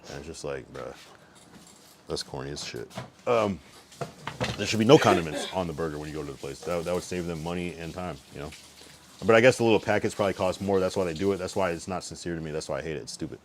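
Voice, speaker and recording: Over slight background noise, a young man with a deep voice races through a loose livestream chat. As host, he curses openly and lets his sentences fade into mumbling.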